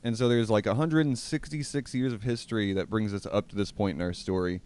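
Male podcast host, smooth clean tone, chatty, laughs a lot, casual delivery. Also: on the low side, a little mellow. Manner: chatty, laughs often, quick restarts. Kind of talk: casual history podcast chat.

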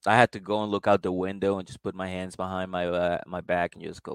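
A man with a low voice trades joking asides with his podcast co-host. He reacts quickly, and the sound is close with no room echo. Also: monotone, clean tone. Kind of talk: casual comedic chat.

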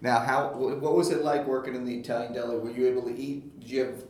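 A man's voice: fairly even intonation, quick pace, darkish tone. A male podcast host interviewing a guest with brief prompting questions. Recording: echoey room, faint rumble.

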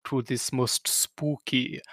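Gravelly man hosting a podcast. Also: medium pitch, steady tone, takes it slowly, a bit bright, no room sound, clean studio sound. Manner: playful, jokey, leads the show. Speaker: podcast host. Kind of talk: casual podcast banter.

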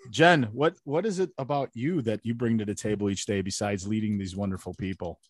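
A man's voice: on the low side, no room sound, studio quality. A middle-aged man hosting a podcast, telling stories in a chatty, laughing way. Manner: fast, chatty storytelling with laughs. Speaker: podcast host. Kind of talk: casual chat.

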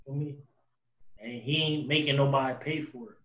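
A man hosting a casual podcast chat, joking loosely, sometimes loud and sometimes trailing off. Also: medium pitch, steady tone, normal speed, reverberant, poor audio. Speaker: podcast host.

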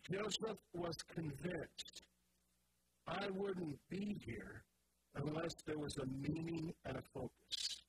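A male pastor preaching a sermon with passion, his voice climbing from quiet asides to shouted lines. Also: fairly high pitch, takes it slowly. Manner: impassioned preaching, swings from soft to shouting. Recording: noisy church recording.

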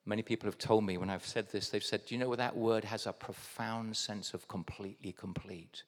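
Excitable English pastor in echoing church. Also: male voice, fairly low pitch, fairly quick. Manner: animated preaching, swinging from hushed to loud bursts; addresses congregation directly as guys. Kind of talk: sermon. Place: church hall.

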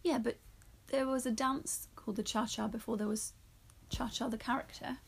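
A woman's voice: a little high, steady tone, normal speed, creaky, breathy edge. A woman co-hosting a casual film podcast, teasing and laughing often. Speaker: podcast co-host. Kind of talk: casual chat film review.

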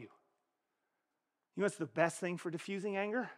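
A man preaching a sermon as pastor, animated and conversational, asking the congregation frequent rhetorical questions. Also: sits high, normal speed, long pauses. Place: church. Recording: long reverb of a church hall.

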